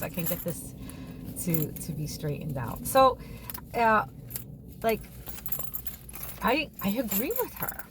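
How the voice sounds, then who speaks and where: A woman's voice: medium pitch, very animated, takes it slowly, pauses often. A woman vlogger chatting casually from her car, rambling with restarts in a conversational way. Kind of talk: casual car chat vlog. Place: parked car. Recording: loud background noise.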